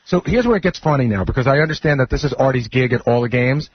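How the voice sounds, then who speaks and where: A man casually telling an animated story on a talk radio show. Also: mid-range voice, a crowd in the background. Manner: animated, quick anecdote telling. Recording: dry, muffled radio broadcast.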